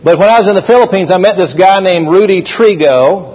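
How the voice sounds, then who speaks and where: A man's voice: sits high, fairly quick, husky. A man preaching a sermon in a folksy storytelling manner with fillers. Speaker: pastor. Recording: echoey hall, dull sound.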